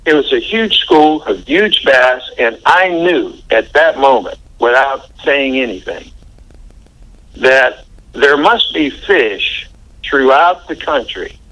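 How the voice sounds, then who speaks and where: A man's voice: medium pitch, expressive, takes it slowly, bright, forceful tone, low-quality recording. An older man telling a story in an interview, chatty and folksy, chuckling as he recounts. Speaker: interview guest.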